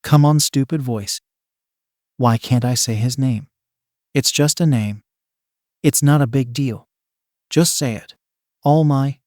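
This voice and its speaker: A frightened young woman close to tears, voiced with little change from a man's ordinary reading voice. The male reader voices her. His pitch stays mid-range and the sound is dry and close. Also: takes it slowly, long pauses, a little mellow, dry recording, close to an everyday voice. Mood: anxious. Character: anxious tearful young woman civilian.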